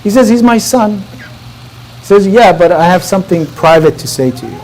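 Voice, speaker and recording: A man at a mourning gathering in a mosque, telling a sermon story and acting out the dialogue, his voice rising and then dropping to a hush. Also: high-pitched, lively intonation, normal speed, slight background noise, low-quality recording. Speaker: speaker at a mourning majlis. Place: mosque hall.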